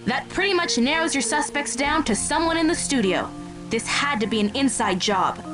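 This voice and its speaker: An upbeat, playful young woman on the phone in a detective game, cheering on her friend. Her high voice swings widely in pitch. Game music runs quietly underneath. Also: lively intonation, moderate pace. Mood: thoughtful. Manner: encouraging, playful.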